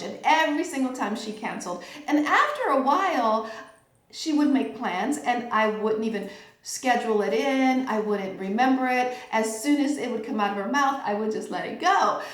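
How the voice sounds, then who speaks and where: A middle-aged woman with a fairly high voice gives a chatty tarot lesson. She talks informally and keeps checking in with her listeners. The sound is echoey, as if from a bare room. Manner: chatty, checks in with "okay?" and "right?". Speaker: tarot teacher. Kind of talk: informal teaching talk.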